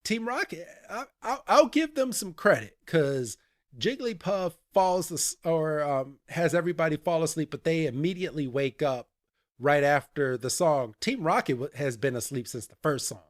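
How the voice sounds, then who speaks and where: A man's voice: on the high side, no echo, clean studio sound. Laughing man recapping a cartoon. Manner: animated, laughs often, quick retellings with quoted voices. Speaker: podcast host. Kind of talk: casual podcast recap.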